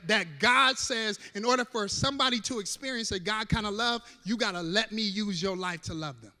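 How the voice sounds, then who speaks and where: A male pastor delivers a sermon, calling on the congregation to repeat lines after him. His voice sits high and rings bright. It moves between quiet, close talk and sudden shouts, and a long hall reverb trails behind it. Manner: call-and-response preaching, swings from hushed to shouting.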